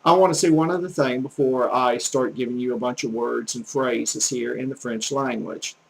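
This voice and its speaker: A man's voice: medium pitch, fairly even intonation, moderate pace, gravelly, slight background noise, rough recording. A middle-aged man with a Southern American accent giving a rambling, folksy language lesson full of fillers and restarts. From Southern United States. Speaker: language tutor.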